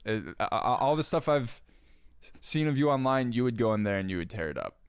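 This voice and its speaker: A man from Wisconsin hosting a casual podcast chat, laid-back and quick to laugh. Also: medium pitch, expressive, smooth, dry recording, studio quality. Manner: laid-back, laughs often, short replies. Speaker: podcast host.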